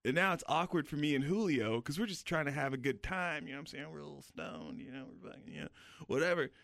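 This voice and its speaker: A man's voice: on the high side, fast, creaky, a bit bright, no echo, clean studio sound. A man, a comedian, telling a crude rambling anecdote in casual podcast chat.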